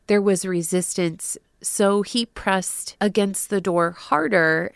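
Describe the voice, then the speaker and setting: A woman host narrating a true crime story from a script, adding personal asides and dropping to a hush at the dark moments. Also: mid-range voice, vocal fry, no room sound, clean studio sound.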